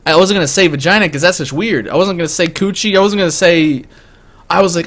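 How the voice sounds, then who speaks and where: A man streaming, telling a story casually in an excitable way, stammering and packing in fillers. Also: high voice, fast.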